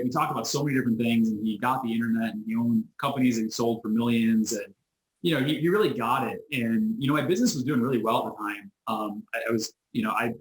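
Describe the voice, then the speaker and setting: Man guest, quick animated storyteller, roomy echoey video-call sound. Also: medium pitch. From United States. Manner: animated storyteller who acts out quoted voices, frequent restarts. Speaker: interview guest, business owner. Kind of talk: casual storytelling interview. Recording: roomy echo.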